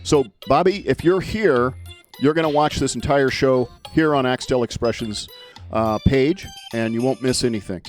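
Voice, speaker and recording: Excitable male livestream host. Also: medium pitch, normal speed, faint music behind. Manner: excitable, repeats words for emphasis. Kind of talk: casual livestream chat.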